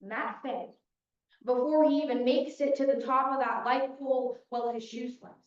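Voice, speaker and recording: High-voiced young woman arguing in echoey courtroom. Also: fairly even intonation, normal speed. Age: young adult. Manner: vivid storytelling, punchy short sentences. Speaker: defense attorney in a mock trial. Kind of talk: dramatic opening statement. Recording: dull, echoey hall from far off.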